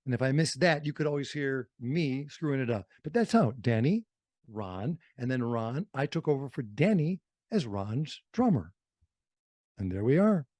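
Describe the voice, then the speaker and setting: Animated storyteller man from Wisconsin. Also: medium pitch, normal speed, no echo. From Fond du Lac, Wisconsin. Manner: animated, acts out quotes in other voices. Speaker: radio host and interview guest. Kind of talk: storytelling interview. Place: radio studio.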